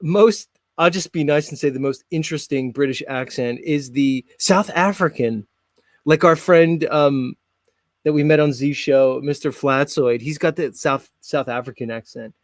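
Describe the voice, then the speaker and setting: A man's voice: on the high side, normal speed, dry recording, clean studio sound. A man in his forties hosting a casual live show, rambling with many fillers and frequent laughs. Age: 40s. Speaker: show host.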